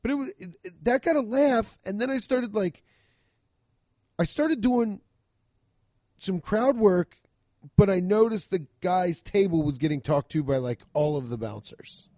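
A man, a stand-up comic, casually telling a profane story about a rough show, acting out both sides of the exchanges. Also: high-pitched, a little slow, no echo, clean studio sound. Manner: profane, animated retelling with quoted exchanges. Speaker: stand-up comedian.

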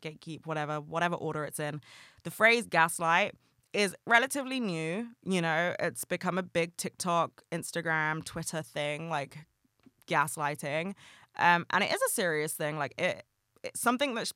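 Bright, chatty young podcaster. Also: mid-range voice, smooth, dry recording, studio quality. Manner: chatty and passionate, swears freely, many fillers. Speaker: podcast host. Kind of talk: casual solo podcast chat.

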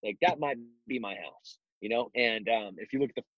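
A self-defense instructor, appearing as a guest in a casual interview, talks bluntly and fairly quickly in a mid-range voice, telling stories with mocking asides. The lo-fi recording is dull, with no room sound.

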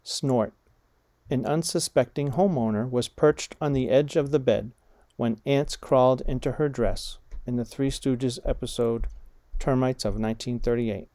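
A man slowly reading vocabulary words and example sentences aloud, deliberate and measured, spelling out punctuation like commas and hyphens. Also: mid-range voice, mellow, no echo. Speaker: vocabulary reader. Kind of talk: slow dictation of vocabulary words and phrases.

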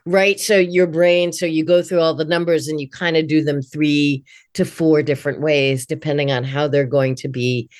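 Low-voiced middle-aged woman, chatty and candid. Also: little pitch movement, normal speed, hardly any pauses, a little mellow, no room sound, clean studio sound. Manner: chatty and candid, full of "like" and "you know". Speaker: voice-over teacher and guest. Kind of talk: casual interview chat.

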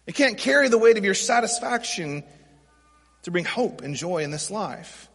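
A pastor with a high, husky voice preaches in a relaxed, conversational way, tossing out rhetorical questions to the congregation. His voice rings out in a hall with a long reverb. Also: moderate pace. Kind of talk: sermon.

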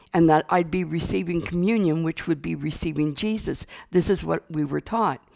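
Older woman with a gravelly voice. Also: sits low, darkish tone. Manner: earnest, unhurried storytelling with fillers. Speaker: storyteller. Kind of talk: personal testimony.

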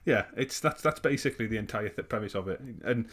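Laid-back low-voiced podcast man. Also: fairly bright tone. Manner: laid-back, agreeable, halting with many fillers. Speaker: podcast co-host. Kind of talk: casual chat.

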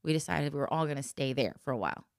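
A woman telling a personal story in casual chat, lively and laughing often as she acts out the voices of the people in it. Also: rumbling low, rapid-fire, creaky, no room sound, studio quality.

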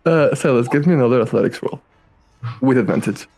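A man's voice: medium pitch, brisk, a little mellow, slight background noise. A man running a tabletop game as game master, narrating casually and animatedly with laughs.

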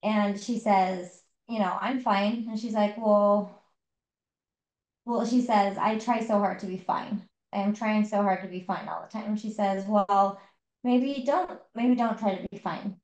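A woman's voice: mid-range voice, steady tone, measured pace, a little mellow. Chatty woman retelling a book, echoey. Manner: retelling a story with many fillers. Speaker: podcast co-host. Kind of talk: casual book discussion.

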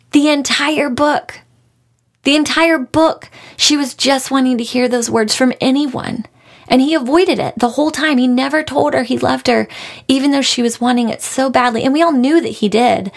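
Her voice sits high and sounds gravelly as she talks through a favorite book on her podcast. The review is informal but deeply sincere and full of feeling.

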